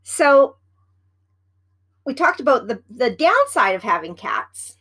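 A woman's voice: sits high, big pitch swings, takes it slowly, a bit bright, slightly rough. A woman co-hosting a casual chat, rambling and teasing as she gives practical advice about pets. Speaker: podcast co-host.

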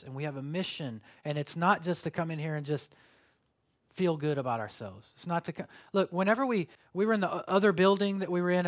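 A man, preaching a sermon in a conversational, joking way that rises to emphatic calls. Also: fairly high pitch. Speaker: pastor.

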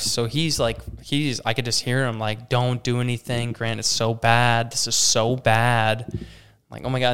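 A man's voice: mid-range voice, smooth. A young adult man, a campground operations manager, telling a story in a conversation and acting out what people said. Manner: animated, retells with quoted voices and many "like"s.

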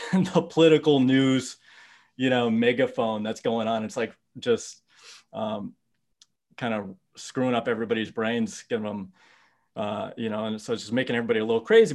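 A man's voice: medium pitch, darkish tone. A man appearing as a guest market strategist on a podcast, talking in a rambling casual way full of fillers and restarts. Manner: rambling, many fillers, restarts and "you know"s. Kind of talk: casual interview chat.

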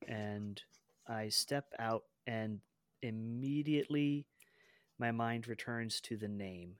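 A man playing a tabletop game, speaking formally and deliberately in character. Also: medium pitch, clear, resonant tone, dry recording, studio quality. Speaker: player.

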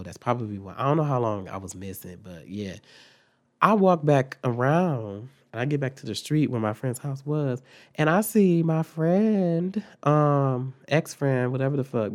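A young man telling a profane storytime on his vlog, animated and jumping his pitch and volume up when he quotes people. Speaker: vlogger.

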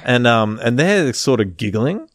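A man telling a wild story in casual chat, animated, swearing freely and laughing as he goes. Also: mid-range voice, measured pace, no room sound, clean studio sound.

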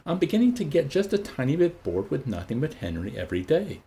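Breezy young woman, voiced by a gravelly man. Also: a little high, sing-song, fast talker, mellow, voice pushed up.

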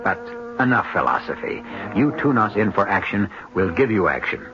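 Wry, measured man hosting a radio drama. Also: on the low side, very animated, noisy background. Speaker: host. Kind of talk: scripted radio drama introduction. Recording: dull old radio broadcast with music.

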